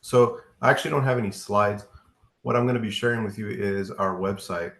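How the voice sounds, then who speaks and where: A man from a utility company giving a casual presentation in an online community meeting, pausing often with fillers. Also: fairly low pitch, fairly bright tone, roomy sound. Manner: casual, hesitant with many fillers. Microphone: video call.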